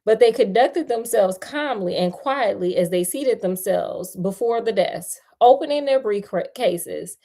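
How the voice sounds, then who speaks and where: A woman hosts a livestream storytelling session, narrating at an unhurried pace. She drifts into playful, joking asides to her viewers between passages. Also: medium pitch, lively intonation, dark tone. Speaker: storyteller host. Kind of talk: livestream read-aloud with chatty asides.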